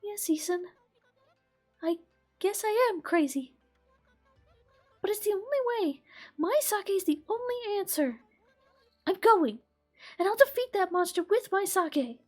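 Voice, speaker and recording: A woman's voice: very high voice, animated, measured pace, long pauses, darkish tone, faint music behind, pitched above the performer's own voice. A woman voicing a determined young village woman who speaks earnestly and resolutely.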